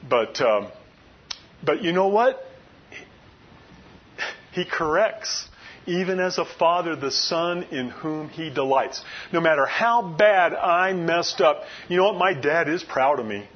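A man's voice: animated, slow. A middle-aged man preaching a sermon in an earnest, conversational, folksy storytelling way. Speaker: pastor. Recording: muffled lo-fi recording with faint rumble.

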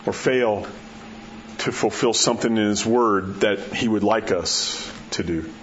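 Man preacher, folksy storyteller, sinks to hushed tones for emphasis, a little muffled with faint room hum. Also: on the low side, unhurried. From New Mexico. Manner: folksy storytelling, drops to a soft hush at key words. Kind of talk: sermon.

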